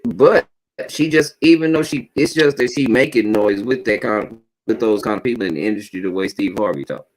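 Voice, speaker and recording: A man's voice: lowish voice, a little fast, rough recording. A man joins a podcast conversation as a co-host. He talks bluntly and easily, full of slang. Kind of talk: casual chat.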